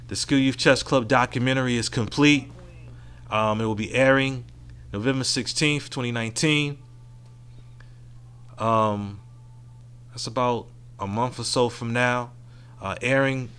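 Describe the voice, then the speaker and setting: A man's voice: medium pitch, a bit bright, clear, resonant tone. A man hosting his own podcast alone, talking in a frank, profane and reflective way into a mic at home. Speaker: podcast host. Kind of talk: casual solo podcast monologue.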